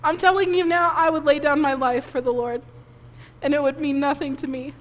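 Woman pastor, tearful sermon testimony, high voice, long hall reverb. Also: steady tone, brisk. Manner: emotional personal testimony, tearful at times. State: crying softly.

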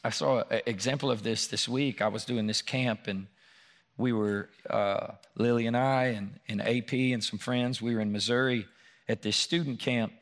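An earnest man preaching in a church room, with a mid-pitched voice that is neither high nor low. His delivery swings between rising, forceful scripture reading and hushed, tender storytelling. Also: fairly even intonation, normal speed. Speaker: pastor. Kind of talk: sermon.

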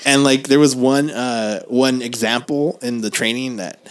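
A man's voice: medium pitch, a little slow, clear, resonant tone. A man telling workplace stories in casual chat, laughing often and restarting his sentences.

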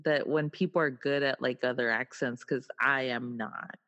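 A podcast co-host in casual comedic chat, playful and quick to laugh. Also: medium pitch, fairly even intonation, sharp tone, muffled recording. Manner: giggly, playful, laughs often.

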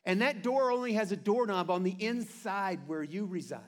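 A pastor preaching a sermon to his church with earnest, animated delivery and playful asides. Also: high voice, moderate pace. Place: church sanctuary.

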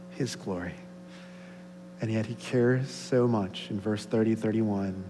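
A man preaching a sermon to a congregation, swinging from excited, loud passages to soft, slow, hushed ones. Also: on the low side. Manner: rises to excited loud peaks, then drops soft and slow. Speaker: pastor. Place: church sanctuary. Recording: long hall reverb, faint hum.

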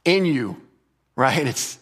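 A man's voice: medium pitch, animated, takes it slowly, a bit bright, husky. A man preaching an expository sermon, explaining Greek grammar and repeating key phrases for emphasis. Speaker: pastor.

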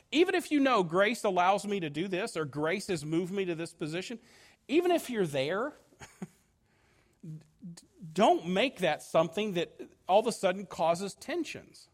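Man, pastor, sermon, high voice, restarts often, chuckles between points. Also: very animated, a little slow. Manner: conversational preaching with frequent restarts and ums.

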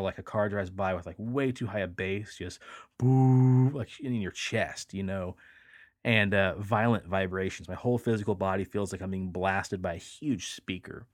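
Male podcast host, lower register, close dry sound, loose filler-heavy storyteller who swears casually. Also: no room sound.

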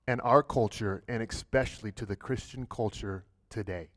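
A man's voice: medium pitch, normal speed, hardly any pauses. A man preaching a sermon in a church, earnest and direct, often restarting and repeating words as he builds a point. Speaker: pastor.

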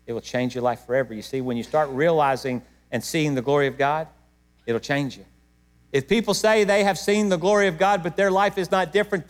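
A middle-aged man preaching a sermon to his church, emotional, swinging between loud emphatic peaks and hushed moments. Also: medium pitch. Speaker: pastor.

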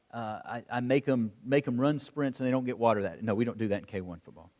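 A middle-aged man preaching a sermon, telling stories in an animated way and acting out the calls of a coach. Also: fairly high pitch. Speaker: pastor. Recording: long hall reverb.

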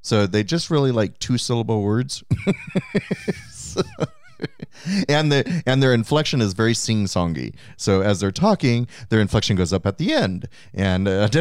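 A man with a fairly low voice that swings widely in pitch, telling stories as a podcast co-host and laughing often. The sound is dry and close. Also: normal speed, no echo. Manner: laughs often, lively storytelling. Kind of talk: casual chat.

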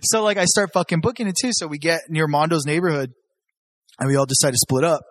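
A man's voice: on the high side, fast talker. A young man telling stories in a casual chat, swearing freely and jumping his voice up to act out what people said. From Southern California. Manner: profane, animated, acts out quotes in raised voice.

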